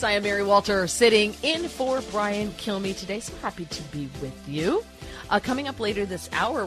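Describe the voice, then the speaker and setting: A woman's voice: medium pitch, fairly bright tone, dry recording. A woman guest-hosting a talk radio show, chatting in an emphatic, opinionated way with many asides.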